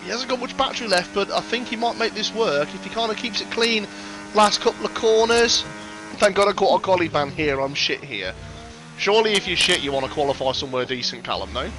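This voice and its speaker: A man's voice: high voice, animated, fairly quick. Sweary man calling a sim race. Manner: sweary, banter-filled, reads chat aloud. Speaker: sim racing commentator. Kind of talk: casual livestream commentary. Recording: music playing loud behind.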